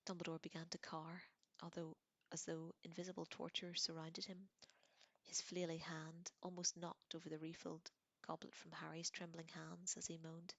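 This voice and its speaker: A woman whispers her way through a novel in close, soft whispered role-play, sometimes correcting a slip. Her voice sits low, and the sound is dry with no room echo. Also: level tone, moderate pace, creaky. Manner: soft, close whispered reading with small slips. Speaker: audiobook reader.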